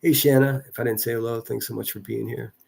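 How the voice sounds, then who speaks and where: A man's voice: medium pitch, fairly even intonation, fast talker, creaky, darkish tone, breathy edge. A man from a northern US city hosting a casual livestream, rambling through commentary and reading chat messages aloud with frequent restarts. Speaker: livestream host.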